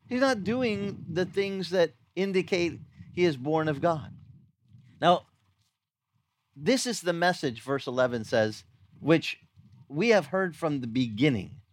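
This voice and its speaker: A middle-aged man preaching a sermon in a conversational, storytelling way, acting out quoted lines. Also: sits high. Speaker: pastor. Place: outdoor beach gathering.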